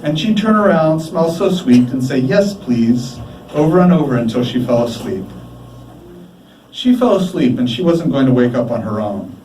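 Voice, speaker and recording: A man giving a live reading of his prose, measured and deliberate, with dramatic pauses. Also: mid-range voice, expressive, a little mellow, a little hiss or hum. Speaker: writer reading his work. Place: bar, live event. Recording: echoey bar from a distant mic. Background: faint room ambience.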